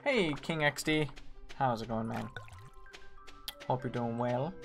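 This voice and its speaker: A woman streaming a game, chatting with viewers as she plays, with sudden excited squeals. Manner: chatty, reads and answers chat while playing; excitable, quick bursts of high squeals. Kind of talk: live gameplay commentary. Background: faint game music.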